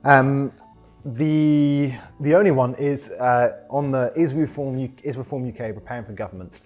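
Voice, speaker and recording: A man's voice: mid-range voice, normal speed, darkish tone, soft background music. A man hosting a casual podcast discussion, explaining at length with many ums and restarts. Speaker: podcast host.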